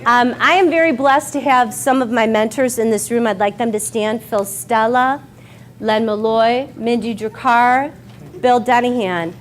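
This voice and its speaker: A woman's voice: on the high side, fairly even intonation, measured pace. Heartfelt woman author speaking at a bookstore. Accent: American Midwest. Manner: emotional, heartfelt, near tears at times. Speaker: author giving a talk. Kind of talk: emotional speech at a book signing. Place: bookstore event room with an audience.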